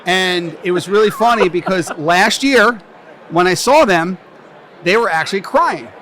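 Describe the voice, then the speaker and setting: A man's voice: sits high, lively intonation, a little slow, fairly bright tone. A middle-aged man from New Jersey, a tax business owner, chatting in an interview as a brash, joking storyteller. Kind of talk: casual interview chat. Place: conference venue.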